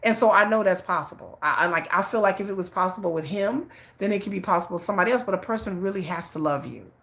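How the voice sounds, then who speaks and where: A woman host telling a candid personal story on a livestream in a blunt, animated way, laughing often and cursing. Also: mid-range voice, fast talker.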